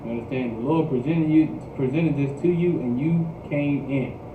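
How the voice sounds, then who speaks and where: A man's voice: mid-range voice, normal speed, far from the mic. A man teaching a scripture class as a preacher, repeating himself and checking in with the class as they answer back. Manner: repetitive, call-and-response, says "you understand?" often. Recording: echoey phone-like livestream audio with noise.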